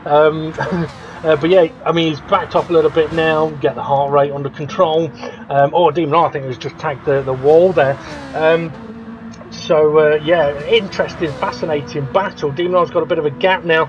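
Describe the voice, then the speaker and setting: A man commentating a sim race, excitable, laughing often and jumping up at crashes. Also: on the high side, moderate pace. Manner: excitable, laughs often, rises sharply at incidents. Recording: dull lo-fi audio with clear background noise.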